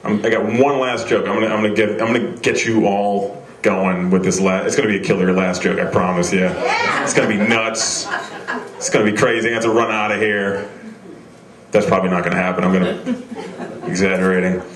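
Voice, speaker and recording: A man's voice: lowish voice, fairly even intonation, a little fast, echoey room, a crowd in the background. A young man doing a live stand-up set on a small club stage, rambling and self-deprecating, with many restarts. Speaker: stand-up comedian. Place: small comedy venue stage.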